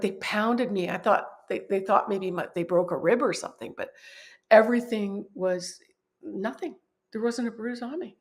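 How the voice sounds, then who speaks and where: A woman guest on a podcast, telling a personal story in a vivid, animated way and often laughing at herself. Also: medium pitch. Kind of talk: personal storytelling in a conversational interview.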